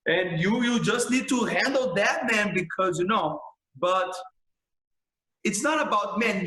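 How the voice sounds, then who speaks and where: A man's voice: sits high, sharp tone. A man from Brazil with a Brazilian Portuguese accent, a jiu-jitsu instructor telling stories in casual, broken English full of restarts and emphatic "man". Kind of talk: casual storytelling chat. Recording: roomy echo.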